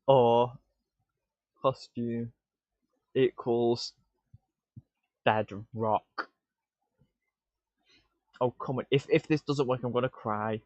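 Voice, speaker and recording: A man streaming live, muttering to himself in excitable bursts with stammered restarts, on dull lo-fi stream audio. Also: mid-range voice, very slow, pauses often, no room sound. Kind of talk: casual live-stream self-talk.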